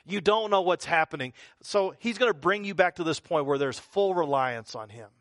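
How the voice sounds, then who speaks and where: A man's voice: fairly high pitch, animated, normal speed, a bit bright, no echo, studio quality. A male pastor preaching a conversational sermon, full of rhetorical questions and repeated phrases.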